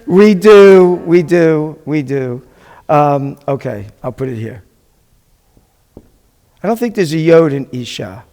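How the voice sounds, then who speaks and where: A man teaching a beginners' language class, chatty and patient, often quizzing the room. His voice sits a little high for a man. It rings with the long reverb of a classroom. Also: animated, takes it slowly, pauses often, warm tone. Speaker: rabbi teaching a Hebrew class. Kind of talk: classroom teaching with questions to students.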